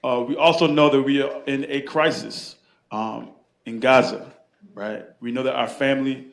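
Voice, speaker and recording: A man's voice: medium pitch, steady tone, moderate pace, creaky. A man moderating a live panel event in a bookstore, leading the crowd in call-and-response chants with a rousing cadence. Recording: echoey room.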